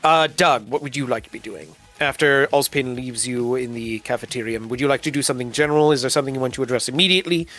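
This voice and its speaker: A man narrating as game master of a tabletop game, describing characters with frequent ums and pauses. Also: mid-range voice, fairly bright tone, faint music behind. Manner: halting, filler-heavy description.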